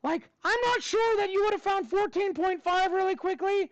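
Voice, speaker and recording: A man teaching a math class while voicing a cheerful, squeaky male cartoon mouse in a bouncy falsetto. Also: normal speed, dry recording. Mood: cheery.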